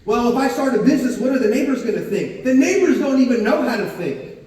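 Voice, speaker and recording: A man giving an energetic, punchy motivational talk to a live audience and drawing answers from the crowd. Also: very high voice, fast talker. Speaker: motivational speaker. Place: large hall with a live audience. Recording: echoey hall, voice far from the mic.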